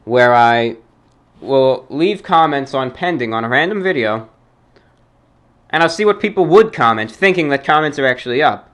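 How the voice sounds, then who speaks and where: A man from the New York area with a British-New York blend accent, hosting a talk show and reading fan mail in a formal, measured, dry way. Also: medium pitch, lively intonation, fairly bright tone.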